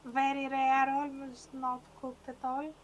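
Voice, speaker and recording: A woman's voice: high voice, completely flat delivery, measured pace, a little hiss or hum. A woman playing a tabletop game, speaking in character with slightly formal phrasing. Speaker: player. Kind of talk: tabletop game role-play.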